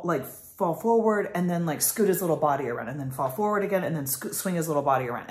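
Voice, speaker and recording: A woman in her thirties, a life coach talking in a casual vlog monologue, rambling and passionate with many fillers. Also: low-pitched. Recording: echoey room.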